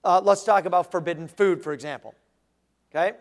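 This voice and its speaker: A man preaching a sermon as pastor, animated, acting out the voices he quotes. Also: high-pitched, a little fast. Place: church sanctuary. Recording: long reverb of a large room.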